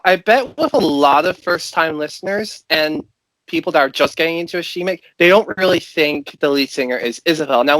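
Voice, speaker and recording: Eager male host, slightly high voice, long rambling questions, dry recording. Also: fairly bright tone, dry recording, rough recording. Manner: enthusiastic, asks long winding questions. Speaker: interview host. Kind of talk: casual interview.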